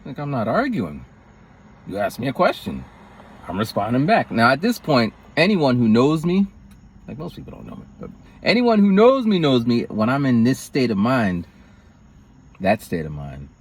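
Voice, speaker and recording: With a medium-pitched voice that has a breathy edge, a man rambles through a personal story in a vlog. He gets animated and performs quoted lines from others, raising his voice in big swings.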